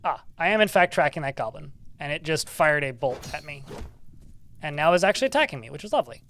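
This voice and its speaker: A man's voice: a little high, animated, fast talker, a bit bright. A man streaming a video game live, commenting on the action with dry, sarcastic asides and reading the game's text aloud.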